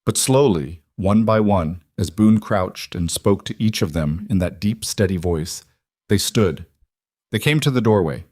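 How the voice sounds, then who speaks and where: A man reading a scripted dramatic story in a measured, somber way. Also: low-pitched, a little mellow, dry recording, studio quality. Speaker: narrator.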